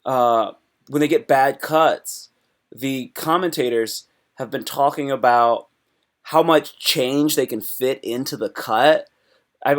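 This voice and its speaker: A man hosting a live stream, recapping fights in loose, excitable chat that jumps from topic to topic and breaks into sudden loud yelps. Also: medium pitch.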